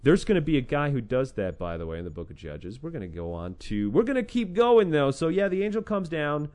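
A man's voice: on the high side, very animated, fairly quick, a little mellow. A man casually retelling scripture stories in a sarcastic, profane way, breaking into acted-out quotes. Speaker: podcast host retelling a scripture book. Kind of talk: irreverent casual storytelling.

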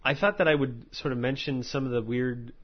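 A man's voice: medium pitch, fairly quick, faint music behind. A man hosting a podcast in casual chat, rambling with lots of fillers and freely swearing. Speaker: podcast host. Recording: slightly dull lo-fi audio.

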